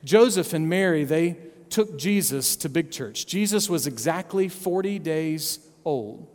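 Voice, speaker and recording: A man's voice: on the high side, a little slow, big-room sound. Playful man telling a Bible story. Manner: playful, animated storytelling with frequent "okay?" check-ins. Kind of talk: children's sermon storytelling.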